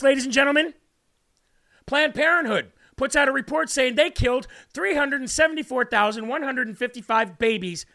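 A man's voice: extremely high pitch, vocal fry, sharp tone. A man hosting a political livestream, ranting in a combative, sarcastic, scolding way. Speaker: livestream political talk host. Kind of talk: ranting live commentary.

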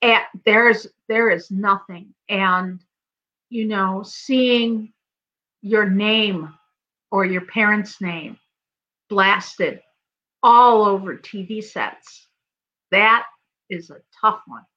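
Woman co-host, bright voice, halting delivery, dull lo-fi audio. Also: medium pitch. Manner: halting, searching for words. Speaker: podcast co-host. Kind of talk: casual chat.

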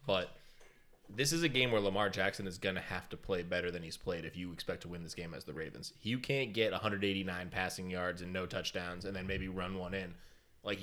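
A man co-hosting a casual fantasy football chat, excitable and self-mocking. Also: low-pitched. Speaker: podcast co-host.

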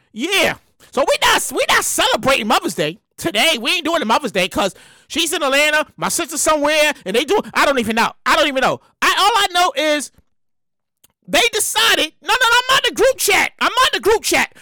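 High-pitched, animated woman ranting. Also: dry recording. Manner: profane, repeats herself, exasperated. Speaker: podcast host. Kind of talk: casual comedic rant.

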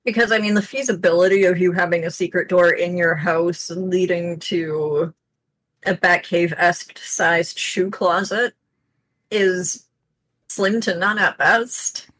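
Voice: medium pitch, steady tone, measured pace, a bit bright, poor audio. A comic artist explaining ideas matter-of-factly in casual chat, with fillers. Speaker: comic artist and podcast co-host.

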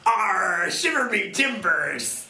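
A man's voice: high voice, big pitch swings, slow pace, gravelly, pushed and bright, roomy sound, exaggerated voice. A man putting on a growling pirate voice for a comedy bit. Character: growling male pirate, overwrought.

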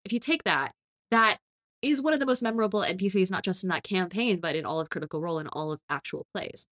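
A woman's voice: fairly low pitch, quick pace, a bit bright, no room sound. A woman co-hosting a casual podcast about tabletop games, talking with energy and laughing often. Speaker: podcast co-host.

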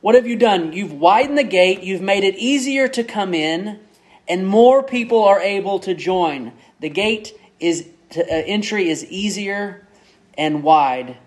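Male pastor mid-sermon, unhurried delivery, leans on key words, slightly high voice. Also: animated. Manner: measured, repeats and stresses key words.

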